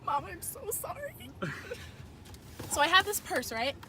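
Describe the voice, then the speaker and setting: A woman's voice: very high-pitched, big pitch swings, measured pace. A young woman chatting playfully in a car, giggly and bubbly as she vlogs. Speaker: vlogger. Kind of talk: casual chat. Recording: car recording with background noise.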